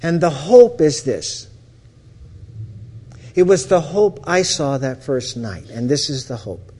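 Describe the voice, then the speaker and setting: A man, a counselor, giving a storytelling talk about how thought shapes experience. He talks with lively energy, often restarts his phrases and laughs as he tells a story. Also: on the high side, slow pace. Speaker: counselor teaching the principles.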